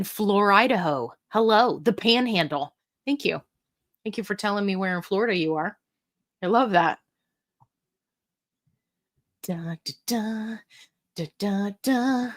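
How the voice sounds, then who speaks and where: A middle-aged woman hosting a casual livestream, chatty and jokey as she reads viewer comments aloud. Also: medium pitch. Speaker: livestream host.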